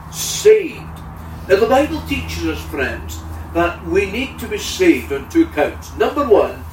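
A man preaching a sermon, earnest, with his voice rising loudly on key words. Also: high-pitched, slight background noise. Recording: echoey room heard from a distance.

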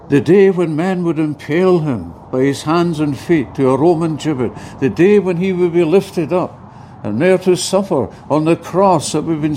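A man's voice: on the high side, warm tone, a little hiss or hum. A man preaching an evangelistic sermon, earnest and emphatic, repeating key phrases for weight.

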